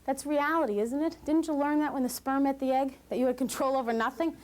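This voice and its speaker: A woman leading a postpartum class for new parents, talking in an animated way, acting out quoted voices and laughing often. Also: high voice, fast. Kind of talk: lively educational talk to new parents. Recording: hissy 1980s VHS recording.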